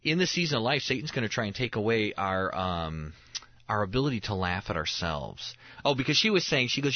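A man's voice: lowish voice, very animated, fairly quick, no room sound, dull audio. A man in his thirties, a pastor and show host, chatting casually and telling family stories with frequent chuckles and restarts. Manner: storytelling, chuckles often, restarts mid-phrase. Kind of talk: casual chat on a talk show.

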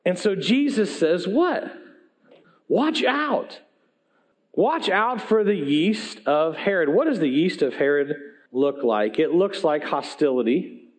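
A man preaching a sermon as pastor, telling folksy stories with animated asides. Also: extremely high pitch.

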